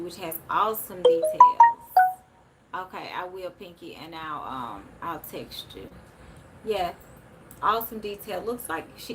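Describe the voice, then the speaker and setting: A woman's voice: on the low side, rough recording. A woman, chatting casually with viewers on a livestream and reading their comments aloud. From Memphis, USA. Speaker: spiritual livestream host.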